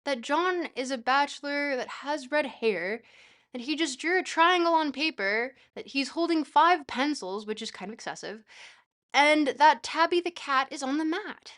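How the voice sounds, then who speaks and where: A woman's voice: sits high, expressive, normal speed, fairly bright tone. A young woman streaming a casual philosophy lesson, reading a text aloud and breaking off to giggle and thank her chat.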